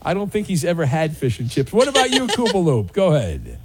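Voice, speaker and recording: A man's voice: on the high side, wildly swooping pitch, brisk. A man hosting a sports talk radio show, chatty and wisecracking with his callers. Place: radio studio. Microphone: studio microphone.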